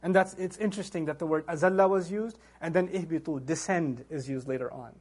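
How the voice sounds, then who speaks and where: A man lectures on scripture in a high, somewhat husky voice. He tells the story with animation, posing rhetorical questions to his listeners and slipping into the voices he quotes. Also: a little fast, a little mellow. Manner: acts out quoted voices with big pitch jumps. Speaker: Islamic lecturer. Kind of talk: Quran lecture.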